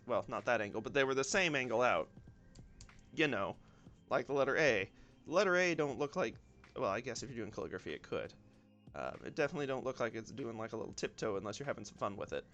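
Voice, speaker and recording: A man with a light Southern US accent, chatting casually on a live stream as he draws, rambling and talking to himself with frequent ums. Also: mid-range voice. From southern United States. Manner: relaxed, rambling, self-talk with many ums and y'alls. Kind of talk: casual live-stream chat while drawing. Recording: faint lo-fi music behind. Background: lo-fi music.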